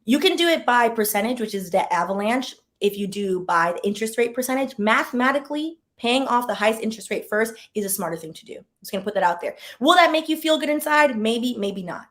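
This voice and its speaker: A woman's voice: on the high side, animated, fast, few pauses, fairly bright tone. A woman and former lawyer hosting a casual advice chat, candid and self-deprecating, repeating words for emphasis and making asides to her viewers. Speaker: former lawyer and channel host.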